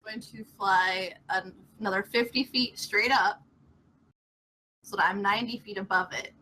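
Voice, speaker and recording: A woman's voice: mid-range voice, fairly even intonation, normal speed, pushed and bright, rough recording. A woman playing a tabletop game, describing her character's moves step by step. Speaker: player.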